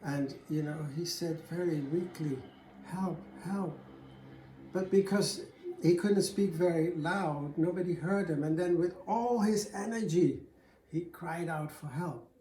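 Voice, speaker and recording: A man telling a folk tale aloud in a loose, chatty way, full of "you know" and little restarts. His voice is mellow and dark-toned. He sounds like he's in a roomy space with a clear echo. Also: a little high, a little slow, slight background noise. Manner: conversational, with fillers and restarts. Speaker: storyteller.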